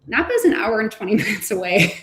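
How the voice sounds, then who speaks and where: A woman's voice: medium pitch, sing-song, fast, noisy background. A woman who represents a hotel brand, speaking upbeat and casually with frequent fillers on a webinar panel. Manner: upbeat, lots of "like". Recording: echoey room.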